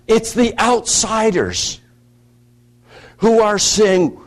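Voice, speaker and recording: A man's voice: medium pitch, big pitch swings, measured pace. A man leading morning devotions as a preacher, explaining scripture in a devotional teaching talk with explanatory asides.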